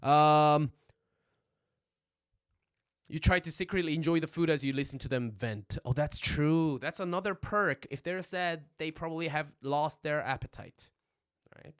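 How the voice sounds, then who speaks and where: On a home phone recording of his livestream, a young man teaches in a loose, joking way, rambling and cursing and tossing out "right?" again and again. His voice is a little high and a little slow, with a fairly bright, clear, resonant tone.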